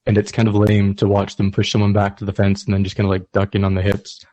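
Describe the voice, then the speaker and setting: A man talking as a podcast guest and martial arts writer, with dry, low-key humor. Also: completely flat delivery, quick pace, mellow, dry recording. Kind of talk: casual podcast chat.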